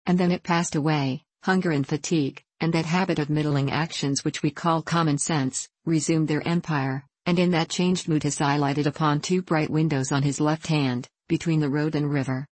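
A woman with a low voice reads a classic novel aloud at a measured, even pace. The recording is dry and close to the mic, with no room echo. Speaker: audiobook narrator. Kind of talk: scripted narration of a classic novel.

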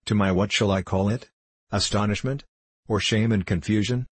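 Man playing a stern pompous old minister, deep husky voice, formal lecturing tone, storybook. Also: fairly even intonation, moderate pace, dry recording.

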